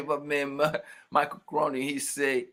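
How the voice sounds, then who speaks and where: His delivery flat and slow, a man with a slightly high, sharp-toned voice runs a casual livestream, greeting viewers by name and teasing them in loose slang.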